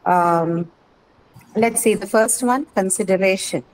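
A woman's voice: medium pitch, measured pace, slight background noise, rough recording. A woman English teacher taking an online class, explaining word stress patiently and confirming answers with "correct" and "that's right".

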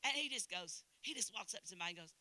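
An older woman from Knoxville, Tennessee, with an East Tennessee Southern accent, preaching a church sermon with emphatic repetition that swings from loud to hushed. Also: mid-range voice, lively intonation, very fast. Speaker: guest preacher. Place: church service.

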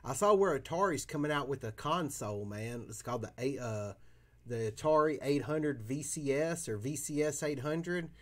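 A man's voice: mid-range voice, moderate pace. A man hosting a card-opening livestream, chatting casually in a profane, boisterous way. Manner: profane, boisterous, whoops loudly at big pulls. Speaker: card-breaking livestream host. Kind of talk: casual chat while opening trading cards.

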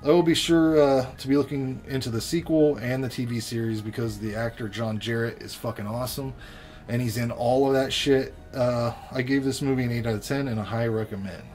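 A man's voice: medium pitch, fairly even intonation, fairly quick, a little mellow, soft background music. Blunt, profane man reviewing a film. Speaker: podcast co-host reviewing a film. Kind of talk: casual chat.

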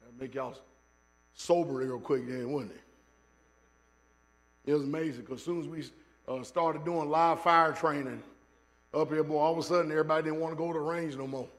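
A man preaching in a church sanctuary. His voice sits high and he tells stories with fiery, shouted peaks, then drops into casual, joking asides to the people in the pews. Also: steady tone, a little fast, long pauses. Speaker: pastor. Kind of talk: sermon.

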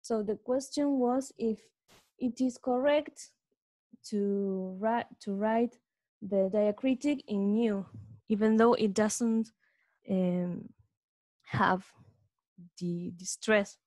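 A student in an online class asking her teacher a question, slow and hesitant, stopping often to find her words. The sound is dry and close. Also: medium pitch, a little mellow, no room sound. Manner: hesitant, many fillers and restarts. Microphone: video call.

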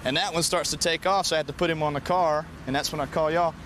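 A male police officer giving calm, firm, repeated commands and explaining a street stop. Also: a little high, fast talker. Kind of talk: on-duty commands and commentary. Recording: outdoor street noise.

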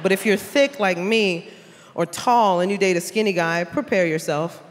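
A woman's voice: lowish voice, normal speed, a little hiss or hum. A woman, doing a teasing, brash stand-up comedy set. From South Bronx, New York. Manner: brash, teasing, puts on characters' voices. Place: large theater stage with cheering audience. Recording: live stage sound in a big hall with a loud crowd.

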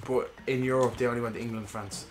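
Man, casual gaming chat, swears a lot, animated storyteller. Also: medium pitch, fast. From Ireland. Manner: swears freely, animated storytelling with acted-out quotes. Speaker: gaming podcast co-host. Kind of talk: casual chat while playing a game.

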